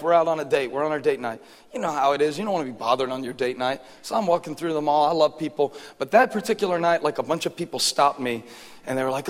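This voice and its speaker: A man in his thirties, a pastor preaching a sermon, telling stories in an animated way that swings from hushed asides to loud exclaims. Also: a little high. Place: church sanctuary. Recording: reverberant church hall with faint music.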